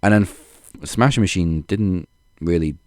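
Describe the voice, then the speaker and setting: A man's voice: low-pitched, measured pace, no room sound. A man co-hosting a podcast in casual chat, handing out points with dry sarcasm. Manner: dry, sarcastic scoring of wrestlers. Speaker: podcast co-host.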